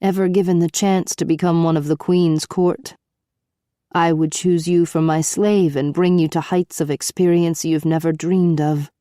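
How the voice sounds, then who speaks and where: A woman narrator reading a devoted young prince in a storybook, gentle and soft. The voice is low and warm, recorded dry and close. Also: fairly even intonation, moderate pace, no echo, close to an everyday voice. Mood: tender. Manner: soft, tender.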